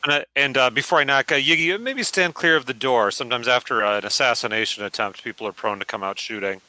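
A man's voice: mid-range voice, fast, sharp tone, no echo, rough recording. A man playing a tabletop game, chatting in a casual, joking way. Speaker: player.

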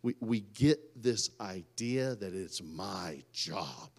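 A man, preaching a sermon and swinging from loud outbursts to quiet asides. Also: lowish voice, expressive, takes it slowly. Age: 30s. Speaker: pastor.

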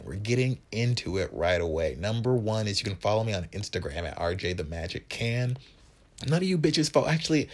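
Profane young man telling funny stories. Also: low-pitched. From Wisconsin, USA. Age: 20s. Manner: profane, animated, self-mocking. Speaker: podcast host. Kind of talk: comedic storytelling monologue.

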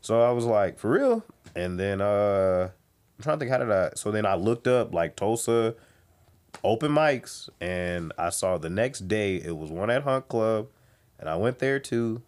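A man's voice: fairly low pitch, a little slow, clean tone. A young man, a comedian, telling a story in casual chat and acting out the voices of the people in it. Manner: animated, acts out quoted voices. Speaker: guest comedian.

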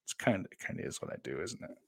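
A young man hosting a live stream, talking loosely and profanely, swinging between loud ranting and quiet mumbling. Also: rapid-fire. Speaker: streamer host. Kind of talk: casual live-stream commentary.

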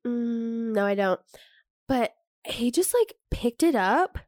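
A woman's voice: on the high side, expressive, slow pace, darkish tone, no echo, clean studio sound. A young woman co-hosting a podcast, talking casually, laughing often and swearing now and then. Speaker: podcast co-host. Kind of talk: casual chat.

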